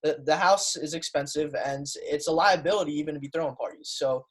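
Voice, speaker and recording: A man's voice: a little high, fairly quick, a bit bright, husky, poor audio. A man co-hosting a casual podcast, explaining his points earnestly and emphatically. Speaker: podcast co-host. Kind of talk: casual chat.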